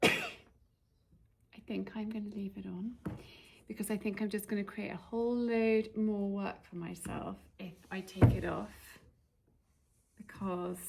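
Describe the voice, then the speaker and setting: In a cluttered workshop, a DIY vlogger talks her way through a how-to project as she works, thinking out loud and muttering to herself. Her voice sits in the mid-range with some vocal fry, and there's background noise in the recording.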